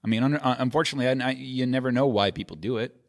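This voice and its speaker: Talking very fast in a medium-pitched voice, this man is a podcast guest and video editor in casual chat. He rambles, restarts his sentences, and swears freely.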